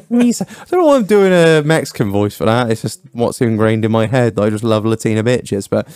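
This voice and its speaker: A man's voice: on the low side, fairly quick, dry recording. A man co-hosting a drunken podcast chat, crude and laughing as he tells stories. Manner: crude, laughing, lively storyteller. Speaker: podcast co-host. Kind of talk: drunk casual banter.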